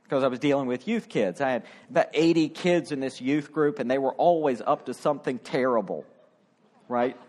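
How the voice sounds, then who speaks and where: A man's voice: medium pitch, a little mellow. A middle-aged male pastor preaching a sermon, acting out the quoted voices with drama.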